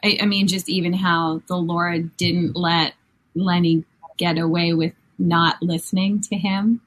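A woman's voice: fairly low pitch, steady tone, a little slow, rough recording. Earnest woman co-host. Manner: warm, encouraging, earnest reflection. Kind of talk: casual chat.

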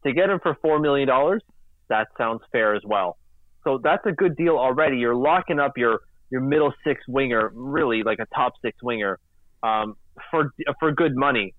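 A man's voice: mid-range voice, moderate pace, no room sound. Chatty podcast guy coming through a tinny phone-ish line, dry, acts stuff out. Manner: chatty, animated, acts out quotes in silly voices. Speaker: podcast co-host. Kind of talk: casual sports podcast chat.

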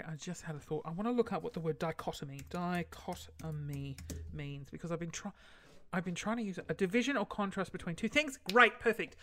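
A man's voice: on the high side, pushed and bright. A man hosting a casual solo podcast, rambling and easily sidetracked. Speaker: podcast host.

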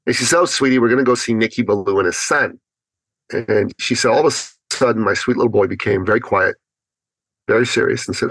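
Animated storytelling man, dry sound. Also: on the low side, fast, no room sound, low-quality recording. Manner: animated storyteller who acts out his inner thoughts. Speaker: podcast guest, business speaker. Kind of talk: storytelling in an interview.

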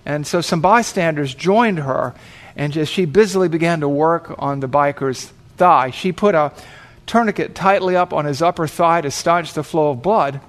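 Pastor guy telling a dramatic story in a sermon, voice a bit on the high side. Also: normal speed.

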